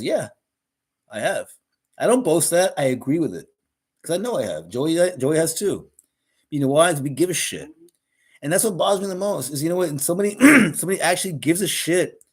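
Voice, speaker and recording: A man's voice: a little high, expressive, brisk, breathy edge. Blunt, profane man ranting. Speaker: podcast host. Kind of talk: casual ranting monologue. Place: live podcast recording.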